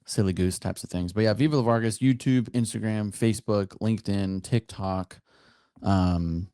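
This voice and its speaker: A deep-voiced man chatting as a podcast guest in a playful, jokey way and laughing easily. His tone is dark and mellow, and the sound is dry and close over a video call. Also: moderate pace, clear, resonant tone, dry recording. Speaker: podcast guest, soldier and content creator. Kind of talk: casual chat.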